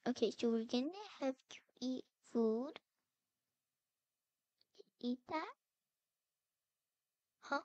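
A young woman with a high, clear, smooth voice narrates her character in a role-play game. She talks slowly and calls out with growing worry as she searches. The recording is close and dry. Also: a little mellow, no room sound. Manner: anxious, calling out, worried searching.

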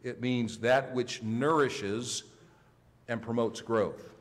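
A male pastor preaching a sermon with emphasis, swinging between loud, high rises and quiet, low drops. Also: fairly even intonation, slow, in a large hall. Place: church sanctuary.

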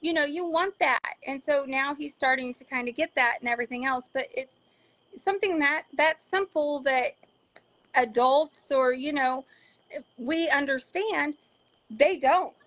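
A woman's voice: high-pitched, fairly bright tone. A woman, a mother, talking earnestly in a casual discussion and acting out quotes now and then. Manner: earnest, quick to act out quotes. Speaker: parent guest.

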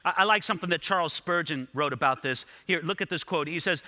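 A man's voice: on the high side, quick pace, few pauses, bright, forceful tone, long reverb tail. A male pastor preaching a sermon in a church, emphatic, building his points through repeated parallel phrases. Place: church sanctuary.

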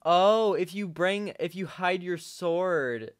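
A man giving casual gameplay commentary, talking to himself and breaking into sudden high-pitched outbursts at a desk microphone. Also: slow. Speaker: gaming channel host.

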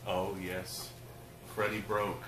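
A father reading picture books aloud to his toddlers at home in an expressive, theatrical storybook manner. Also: low-pitched, slow pace, crowd noise. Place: family home, indoors. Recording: echoey room with household noise.

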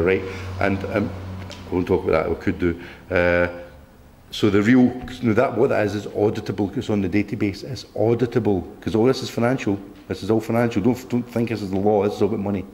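A man's voice: lowish voice, darkish tone, roomy sound, slight background noise. A man giving an emphatic, indignant public talk to an audience, rambling with restarts and the odd swear word. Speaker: speaker at a public meeting.

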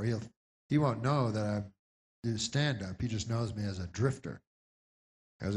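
A man doing a stand-up comedy set with a rambling, deadpan delivery full of meandering asides. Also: fairly low pitch, normal speed, vocal fry, long pauses, slightly rough.

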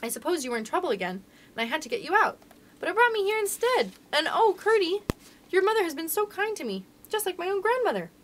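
A woman voicing a sweet, eager young princess girl in a storybook reading, speaking high and breathless with excitement. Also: quick pace, slight background noise.

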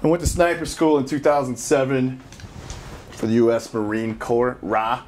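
A man's voice: mid-range voice, steady tone, moderate pace, darkish tone, slight background noise. A man in his thirties, a military veteran, telling loose, profanity-heavy stories in casual reaction chat. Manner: profane, swears constantly, loose storytelling. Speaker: special operations veteran reacting to a game.

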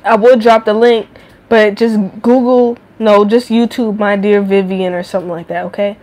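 A woman's voice: mid-range voice, steady tone, moderate pace, a little mellow, rough recording. A woman in her late twenties chatting casually on a livestream, profane and rambling, talking back to her chat. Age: late 20s.

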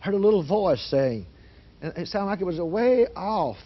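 A man telling an emotional personal testimony, shifting from hushed storytelling to loud, fervent prayer. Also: high-pitched, animated, moderate pace. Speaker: guest giving testimony. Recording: dull lo-fi 1980s broadcast audio.

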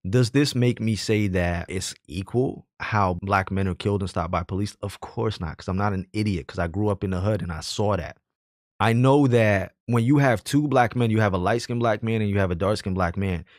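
A man talks straight into a dry, close mic with a low voice. He argues earnestly and builds his case from personal stories, pressing each point with rhetorical questions. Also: normal speed, no room sound. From Jamaican heritage, raised in the hood. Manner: earnest, argumentative, tells personal anecdotes. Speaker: commentator. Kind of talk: opinionated personal commentary.

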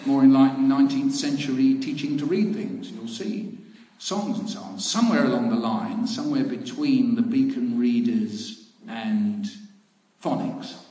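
A man's voice: medium pitch, measured pace, warm tone. Chatty man telling stories in a hall. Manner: chatty, laughing asides, acts out quotes. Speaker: speaker at a talk. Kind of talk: anecdotal storytelling to an audience. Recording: echoey hall with background noise.

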